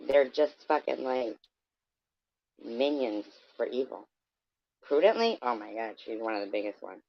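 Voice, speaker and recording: A man's voice: medium pitch, animated, unhurried, no echo. A man ranting in a scornful, profane, rambling way, as a vlogger talking casually to his viewers. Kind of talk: casual rant. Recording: dull, dry lo-fi recording.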